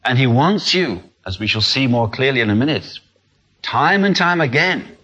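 Animated man preaching a sermon. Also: medium pitch, normal speed. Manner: earnest, animated, acts out inner voices. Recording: dull lo-fi sound.

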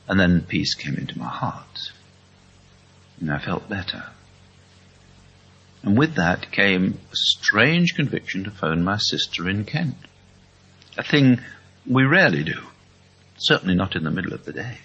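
Gravelly deep-voiced man, earnest testimony. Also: very animated, pushed and bright. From England. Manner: slow, earnest storytelling. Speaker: speaker at a Christian meeting. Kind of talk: testimony talk. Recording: dull lo-fi recording.

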